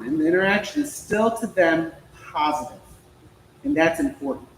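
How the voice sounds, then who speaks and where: A man with a fairly high voice tells stories to a small audience, acting out each exchange and laughing often. He is recorded in an echoey room with a faint hiss behind him. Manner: lively storytelling, acts out quoted dialogue, laughs often. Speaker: speaker at a local political club meeting. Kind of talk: storytelling talk to a small audience.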